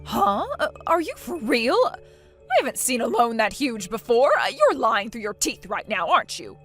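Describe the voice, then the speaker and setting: A scornful older mother-in-law gives orders in a high, lively voice, voiced by a woman. She sounds bossy and demanding. Soft music plays behind her. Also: moderate pace. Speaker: story character.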